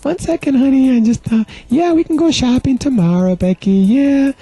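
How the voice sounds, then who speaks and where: A comedian doing a dismissive wife in a squeaky falsetto. She is chatting on the phone and airily waves off her hungry husband, her dark, husky tone pushed way up. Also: moderate pace, no room sound, low-quality recording. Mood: breezy. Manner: airy, dismissive, high falsetto.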